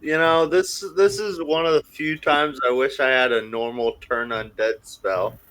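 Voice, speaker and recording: A man's voice: medium pitch, steady tone, unhurried, a bit bright, low-quality recording. A man playing in a tabletop game who makes short, casual remarks. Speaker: player.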